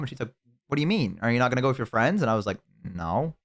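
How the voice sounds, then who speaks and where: A young man streaming live in casual chat, with a voice of ordinary male pitch. He swears freely and tells stories to his viewers. He often bursts into loud, excited shouts. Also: fast.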